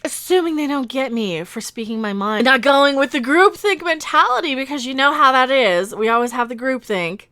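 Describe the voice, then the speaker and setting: High, lively, indignant woman vlogger. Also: moderate pace, hardly any pauses, clear, resonant tone, no echo. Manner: indignant, sarcastic, emphatic. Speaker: vlogger, commentator. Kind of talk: ranting commentary vlog.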